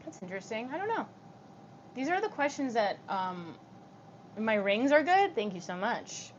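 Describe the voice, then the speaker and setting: A young woman with vocal fry chatting on a livestream, reading comments out loud and answering them in a giggly, casual way. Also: on the high side, very animated, normal speed, lo-fi sound, a little hiss or hum.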